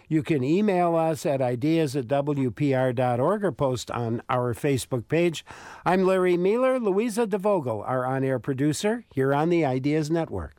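A man hosting a public radio call-in show and interviewing a guest in a relaxed, friendly way. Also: a little high, moderate pace, no echo, clean studio sound. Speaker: radio talk show host. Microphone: studio microphone.

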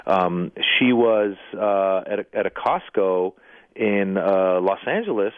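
A man with a somewhat low voice tells stories with a comic, self-mocking edge, pausing and restarting often. He comes through a narrow, phone-like line that sounds dry and close, with no room around it. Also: animated, no room sound. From Iranian-American family. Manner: storytelling with hesitations, self-deprecating. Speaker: comedian and actor, interview guest. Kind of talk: casual anecdote-telling interview.

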